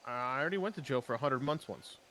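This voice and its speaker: A young man streaming a role-play game, chatting in character in a hesitant, soft-spoken way that often trails off. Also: mid-range voice, animated, quick pace, slight background noise. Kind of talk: casual in-character game chat.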